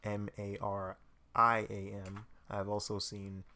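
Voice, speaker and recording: A young man hosting his channel, chatting casually and quietly with a dry sense of humor while he draws. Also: on the low side, completely flat delivery, takes it slowly. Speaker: channel host. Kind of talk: casual chat while drawing.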